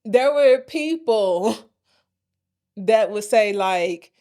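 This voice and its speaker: A woman's voice: medium pitch, animated, drawn-out words, mellow. An American woman co-hosting a casual podcast chat, talking straight to her listeners in a folksy, blunt way. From United States. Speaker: podcast co-host.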